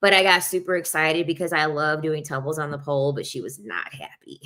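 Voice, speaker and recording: A woman's voice: low-pitched, fairly quick, a bit bright. A young adult woman talking in a casual, rambling chat, full of "like" fillers and the odd laugh. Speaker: podcast host.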